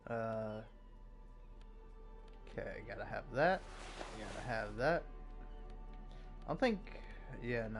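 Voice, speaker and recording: Gravelly-voiced man in his forties. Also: medium pitch. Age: 40s. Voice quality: gravelly, smoker's voice. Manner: rambling, self-mocking, profane. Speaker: game streamer. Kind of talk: casual gameplay commentary.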